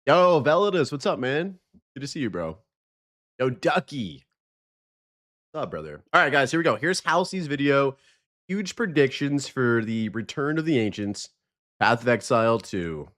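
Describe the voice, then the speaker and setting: A man's voice: mid-range voice, sing-song, moderate pace, fairly bright tone. A man hosting a live stream, chatting casually, greeting viewers and joking.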